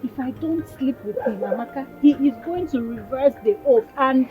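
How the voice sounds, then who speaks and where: A woman's voice: high voice, expressive, moderate pace. An actress with a Nigerian accent playing a frightened, angry young village woman. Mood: upset. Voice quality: frustrated, pleading. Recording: dull film audio with loud music.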